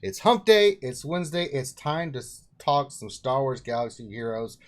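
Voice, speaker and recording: A man's voice: medium pitch, animated, normal speed. A man hosting a casual gaming live stream, joking as he introduces the panel. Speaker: host. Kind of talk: casual livestream chat.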